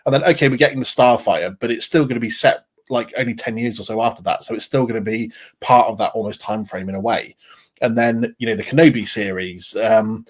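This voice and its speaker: A man hosting a podcast in casual chat, steering the talk with questions. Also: medium pitch. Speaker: podcast host.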